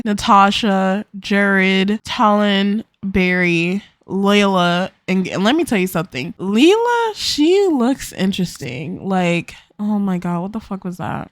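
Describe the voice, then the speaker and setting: A young woman giving chatty, excitable commentary while playing a life-sim video game, breaking into loud laughs and squeals. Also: mid-range voice, dry recording. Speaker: gaming YouTuber. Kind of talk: casual let's-play commentary. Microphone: desk microphone.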